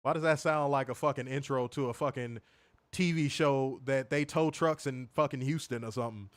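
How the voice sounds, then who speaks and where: A man reviewing a wrestling show on a livestream talks at normal speed in a medium-pitched voice, swearing casually, repeating things, and reading viewer comments. No room sound is audible.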